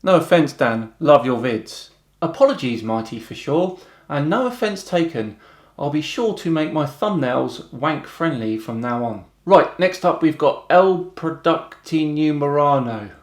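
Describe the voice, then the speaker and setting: A British man hosting a video, reading out rude comments and answering them with dry, deadpan mockery. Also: on the high side, a little slow, reverberant. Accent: British English. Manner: dry, mocking, deadpan retorts. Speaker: host.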